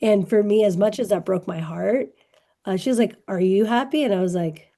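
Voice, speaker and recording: Candid woman podcast host, mellow voice. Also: mid-range voice. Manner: candid, conversational, thoughtful pauses. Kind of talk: casual podcast conversation.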